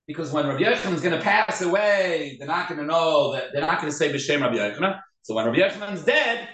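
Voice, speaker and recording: Animated man teaching a Talmud class. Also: a little high, a crowd in the background. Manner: animated, quick, with many restarts and Hebrew terms. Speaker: Torah teacher. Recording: echoey room.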